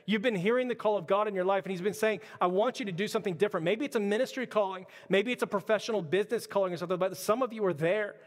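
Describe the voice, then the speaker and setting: A man's voice: sits high, fast, few pauses, long reverb tail. A man preaching a sermon as pastor, emphatic and repetitive, with stammered restarts.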